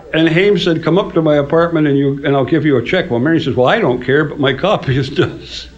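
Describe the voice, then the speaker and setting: A man's voice: a little high, fairly quick. An older man, a songwriter, telling casual anecdotes in a dry storytelling manner and laughing at his own punchlines. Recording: dull lo-fi recording.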